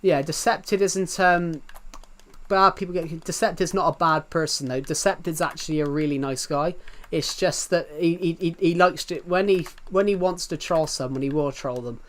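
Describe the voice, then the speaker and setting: A man's voice: fairly high pitch, moderate pace, fairly bright tone. A young English man with an English accent livestreaming, chatting casually to his viewers and rambling in circles, repeating himself. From England. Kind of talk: casual chat to live viewers.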